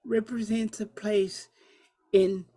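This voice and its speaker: A woman with an Italian accent playing in a tabletop game, talking eagerly in halting bits and repeating her words. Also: medium pitch, little pitch movement, mellow. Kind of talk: casual play and chat.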